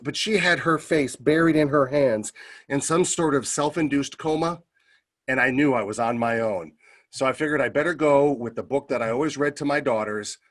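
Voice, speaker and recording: A middle-aged man with a husky, slightly breathy voice speaks to a convention audience. He tells a lively story with lots of "uh"s and asides, and his pitch sits in an ordinary middle range. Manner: lively anecdotal telling with many fillers. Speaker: Kiwanis club member giving a convention message. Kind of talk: storytelling speech.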